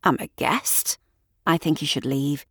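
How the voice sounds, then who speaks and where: A woman's voice: low voice, measured pace, fairly bright tone, slightly rough, dry recording, clean studio sound, heavily acted. A woman reading the lines of a cold, curt young woman with clipped replies in a story.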